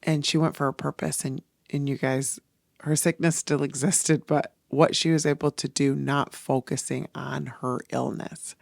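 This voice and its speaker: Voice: mid-range voice, fairly even intonation, unhurried, gravelly, no room sound, studio quality. A podcast host speaking in a personal, reflective monologue, earnest and emotional, rambling through thoughts with restarts.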